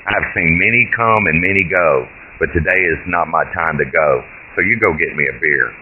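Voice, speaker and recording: A frail but commanding old great-grandmother barks orders in a blunt, foul-mouthed way, as a male reader puts her on. The voice stays low and deep. It comes through a thin, phone-like line with a faint hiss behind it. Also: moderate pace, lightly acted. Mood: bossy.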